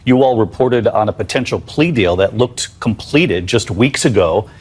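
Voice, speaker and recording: A man's voice: fairly low pitch, expressive, normal speed, a little mellow, slightly rough. A man anchoring a live news broadcast, framing questions for correspondents and guests in a conversational way.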